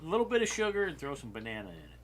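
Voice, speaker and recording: A man's voice: mid-range voice, huge pitch swings, rapid-fire, a bit bright. A man in a casual chat, easygoing and telling anecdotes.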